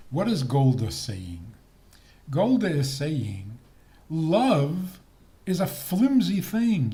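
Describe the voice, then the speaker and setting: Older male rabbi, fairly high voice, slow and teasing lecture delivery. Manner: lively, teasing, slow deliberate delivery with laughs. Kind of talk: recorded talk on faith and marriage.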